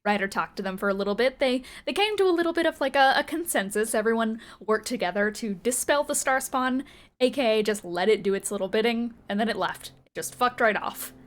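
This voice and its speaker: A woman's voice: on the high side, lively intonation, fairly quick. A woman running a tabletop game as game master, moving from a casual, giggly recap full of swearing into descriptive narration.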